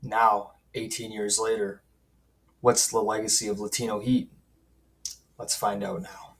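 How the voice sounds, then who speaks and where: A man's voice: on the low side, little pitch movement, a little slow, far from the mic. Emphatic man, mic set back. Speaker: wrestling commentator. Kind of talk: opinion commentary monologue.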